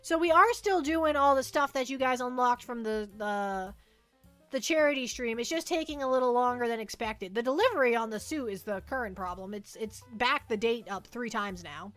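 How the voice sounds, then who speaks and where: A woman running a livestream chats through viewer questions, rambling, saying things twice and joking about herself. Her voice is slightly high and a bit bright at a normal speed, with faint music in the background.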